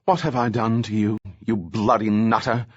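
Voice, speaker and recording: A man's voice: fairly low pitch, little pitch movement, normal speed, breathy edge, dull audio. A man voicing a defiant, sarcastic young woman. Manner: biting, sarcastic. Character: sharp-tongued, defiant young woman captive.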